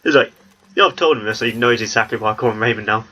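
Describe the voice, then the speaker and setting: A man's voice: lowish voice, racing, sharp tone, low-quality recording. Rambling young English man chatting over gameplay. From England. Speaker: gaming channel host. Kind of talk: casual gameplay commentary.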